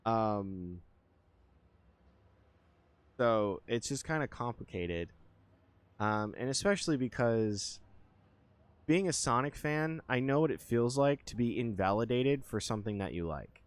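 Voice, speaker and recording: A man's voice: mid-range voice, animated, normal speed, smooth, no echo. A man streaming a game and chatting with his viewers, rambling and hesitant with lots of fillers as he thinks aloud. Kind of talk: casual live-stream chat with viewers.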